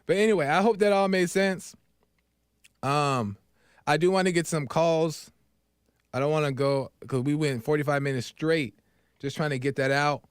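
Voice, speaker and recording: Encouraging preacher-style talk host, smooth voice. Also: male voice, on the high side, moderate pace, pauses often, no room sound, clean studio sound. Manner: preachy, encouraging, repeats key phrases. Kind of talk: live call-in faith talk show.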